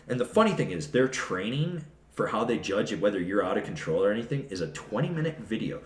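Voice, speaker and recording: At a trade show, a snowboard reviewer appears as a podcast guest in a casual interview, telling stories in a blunt, profane rant. His voice is medium-pitched with big pitch swings, he talks fast, and the room sounds echoey.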